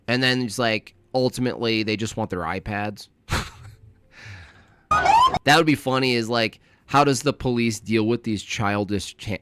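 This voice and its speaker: A man's voice: lowish voice, fairly bright tone, clear, resonant tone, no echo. A man giving sarcastic live commentary while reacting to protest footage, rambling and mocking as he goes.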